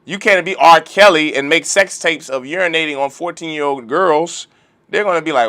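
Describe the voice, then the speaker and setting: A man's voice: fairly high pitch, fast, bright, forceful tone. A man teaching a religious law class, preaching emphatically and firing off rhetorical questions. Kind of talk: lecture-style sermon.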